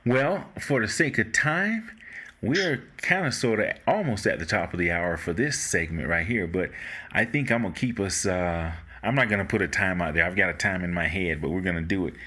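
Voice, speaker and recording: A man's voice: low voice, normal speed. A man hosting a casual talk show, a former radio voiceover man, chatting loosely with many restarts. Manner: relaxed, rambling, frequent restarts. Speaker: host. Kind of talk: casual chat.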